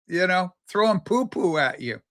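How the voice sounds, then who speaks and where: A woman's voice: on the low side, expressive, moderate pace, fairly bright tone. An older transgender woman hosting a livestream show, rambling chattily with many fillers and restarts. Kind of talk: casual rambling livestream chat.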